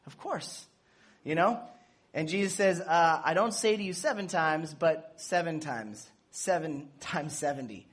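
Husky-voiced male preacher, animated. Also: a little high, measured pace. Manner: animated, playful asides, acts out dialogue. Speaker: pastor. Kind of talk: sermon.

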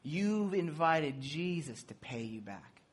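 Taking it slowly, a parent with children preaches a casual sermon in a medium-pitched voice with a breathy edge. They animatedly act out quoted dialogue and laugh and joke while teaching.

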